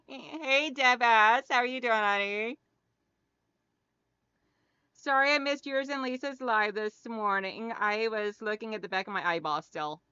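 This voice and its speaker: A woman's voice: on the high side, measured pace, pushed and bright, smooth, no room sound, lo-fi sound. A middle-aged woman hosting a hand-quilting livestream, chatting casually and greeting viewers by name, calling them hon and girl. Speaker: craft channel host.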